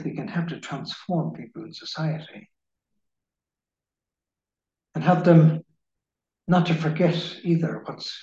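A man giving a slow, measured spiritual reading in the manner of a preacher. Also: on the high side, mellow. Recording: echoey room, dull lo-fi sound.

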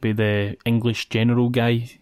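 A woman's voice: rumbling low, little pitch movement, moderate pace, darkish tone, no room sound, clean studio sound. A woman with a Scottish accent casually recapping a film's plot for a podcast, giggling between points. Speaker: podcast co-host. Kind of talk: casual film recap chat.

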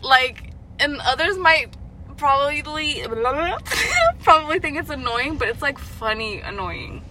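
A woman's voice: high-pitched, big pitch swings, slow pace, bright, forceful tone, a little hiss or hum. A young woman chatting casually over hookah, teasing her friend and swearing freely with lots of laughter. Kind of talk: casual chat while smoking hookah.

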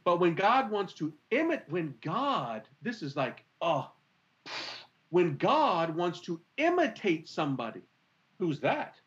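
A man's voice: high voice, very animated, slow, dull audio. A man explaining his faith in an earnest conversational way, asking rhetorical questions as he talks. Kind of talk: animated conversational teaching.

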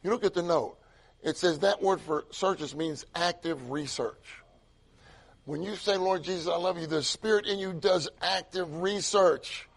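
An older man preaching a sermon, excitable and repetitive, swinging from loud emphatic lines to hushed asides. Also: high-pitched, measured pace.

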